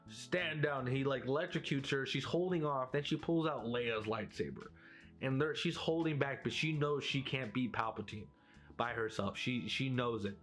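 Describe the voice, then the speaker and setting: Rambling, animated man in casual chat. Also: on the high side. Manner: rambling and animated, full of filler words. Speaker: video creator.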